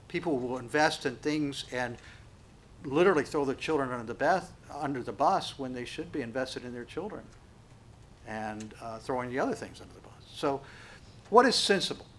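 A man's voice: mid-range voice, expressive, moderate pace, a bit bright, slight background noise. A male pastor preaching a sermon, stressing key words and asking rhetorical questions. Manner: rising and falling emphasis, rhetorical questions.

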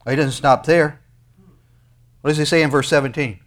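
A man preaching a sermon, moving from quiet, hushed asides to loud, shouted commands. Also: a little high, brisk. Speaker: pastor.

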